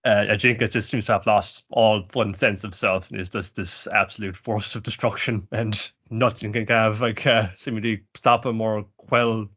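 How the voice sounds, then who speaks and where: A man co-hosting a podcast, rambling casually about anime with halting restarts and a lot of swearing. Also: on the low side, flat delivery, a bit bright. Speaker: podcast co-host. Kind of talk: casual chat reviewing anime.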